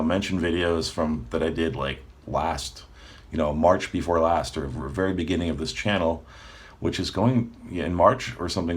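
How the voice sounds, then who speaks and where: A man talking casually as a coach, checking in with listeners often and laughing now and then. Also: low-pitched. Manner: relaxed, conversational, frequent "right?" check-ins, laughs often. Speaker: manifestation coach. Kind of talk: casual talk to camera.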